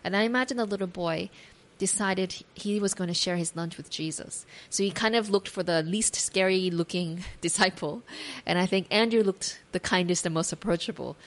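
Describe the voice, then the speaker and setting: A woman giving a devotional talk, reading scripture aloud and retelling the story imaginatively with gentle asides to the listener. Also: on the low side, normal speed. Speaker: devotional speaker.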